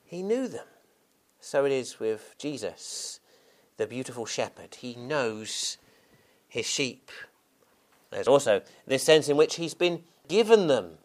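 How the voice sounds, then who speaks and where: A man preaching a sermon, unhurried and earnest, often restarting and repeating words as he explains scripture. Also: medium pitch, animated.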